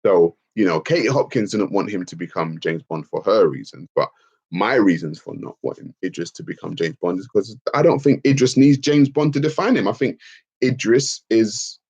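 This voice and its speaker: A man's voice: fairly low pitch, darkish tone, slightly rough. A man hosting a livestream Q&A, ranting emphatically and swearing freely as he answers the chat. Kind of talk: livestream Q&A rant.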